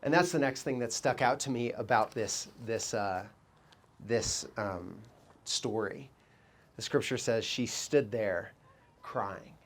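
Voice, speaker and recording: A man preaching a sermon as pastor, telling stories with lively quoted voices and asking the congregation reflective questions. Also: mid-range voice, slow pace. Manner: animated storytelling, quoting people in raised voices.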